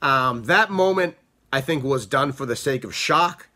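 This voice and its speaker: A man giving a casual spoken review of a film, talking in an animated, rambling way with frequent restarts. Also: mid-range voice, a little slow. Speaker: book and movie reviewer.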